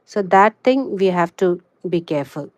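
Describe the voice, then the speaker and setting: A woman's voice: on the low side, animated, no echo, lo-fi sound. Chatty woman streaming a crochet lesson. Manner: chatty, fills pauses with "you know". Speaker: crochet livestreamer. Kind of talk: live crochet tutorial and chat.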